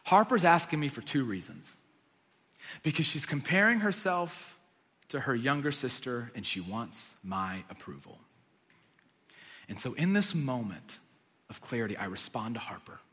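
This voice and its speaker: A man in his thirties, a pastor giving a sermon, telling a family story and swinging from hushed asides to loud emphatic preaching. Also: mid-range voice, very animated, moderate pace, pauses often. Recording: long reverb of a large hall.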